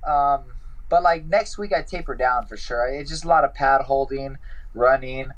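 A man's voice: mid-range voice, normal speed, fairly bright tone, low-quality recording. A man, a fighter calling in to a podcast, answering easygoingly with many fillers. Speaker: call-in guest, MMA fighter. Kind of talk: casual chat.

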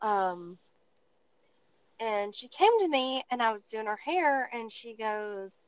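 A woman podcaster who chats slowly and freely, full of swearing and restarts. Her voice sits a bit high, and it is recorded close and dry with a somewhat dull, muffled sound. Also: no echo. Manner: profane, animated storytelling with many restarts. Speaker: podcast host. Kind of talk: casual podcast chat.

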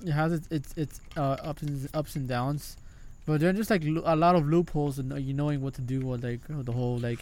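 A man talks in a loose podcast conversation, stumbling and restarting his sentences as he works out a point. He swears now and then, and his voice is a little high. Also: steady tone, darkish tone. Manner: halting, repeats words, profane. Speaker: podcast co-host. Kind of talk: casual podcast chat.

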